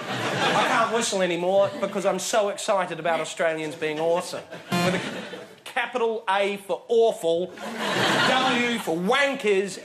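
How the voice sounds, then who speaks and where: A man ranting as a comedian in a comic debate, rambling and excitable in a mock-earnest way. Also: very high-pitched. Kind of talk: stand-up comic rant. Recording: loud studio audience laughter.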